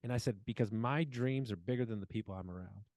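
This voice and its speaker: A man's voice: on the low side, fast, darkish tone, no room sound. A man in his forties telling a long personal story as a podcast guest, acting out quoted dialogue with plenty of fillers. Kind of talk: casual storytelling interview.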